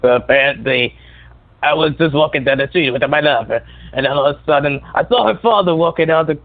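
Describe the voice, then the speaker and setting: A man's voice: on the high side, a little fast. A man calling into a talk show, telling a story with many hesitations. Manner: hesitant, filler-heavy storytelling. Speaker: caller. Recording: tinny phone-line audio.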